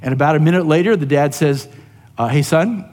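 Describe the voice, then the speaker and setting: A man's voice: fairly high pitch, quick pace, a little mellow, long reverb tail. A man preaching a sermon as pastor, in a conversational way that keeps asking the listeners "right?". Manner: conversational, often asks "right?".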